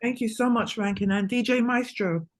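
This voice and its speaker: A woman's voice: on the high side, normal speed. A woman host moderating a podcast panel on a video call, making polite, hedging requests to panelists. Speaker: show host.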